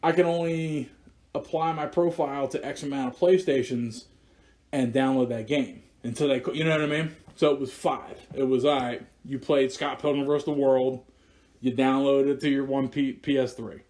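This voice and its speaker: A man's voice: medium pitch, fairly even intonation, normal speed, a little mellow. A young man with a Philadelphia accent, co-hosting a podcast in loose, profane casual chat and laughing often. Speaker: podcast co-host.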